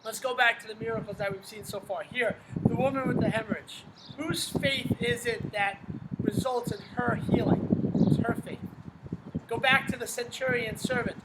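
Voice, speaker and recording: A man's voice: extremely high pitch, fairly even intonation, moderate pace, heavy background noise. A man teaching a casual Bible lesson outdoors under an umbrella in the rain, conversational and full of rhetorical questions. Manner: conversational, asks rhetorical questions, says "right?" often. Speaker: religion teacher.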